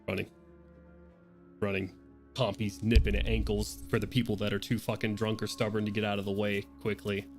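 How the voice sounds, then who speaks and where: Low-voiced casual dungeon master. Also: male voice, level tone, a little fast, soft background music. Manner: casual, rambling, swearing. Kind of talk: narrating a tabletop game.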